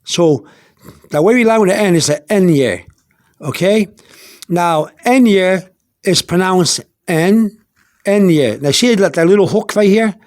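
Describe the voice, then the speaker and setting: A man teaching an informal vocabulary lesson, going slowly over each word, spelling words out letter by letter and wandering into asides. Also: high voice, lively intonation, a little mellow, no room sound, studio quality. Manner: meandering, with many restarts and fillers. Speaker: Spanish teacher.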